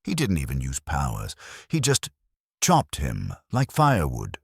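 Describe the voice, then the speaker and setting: A man voicing a shaken, fretful young man in a thin, anxious voice, pitched above his own. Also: huge pitch swings, a little slow, creaky, slightly rough, no room sound, studio quality, exaggerated voice.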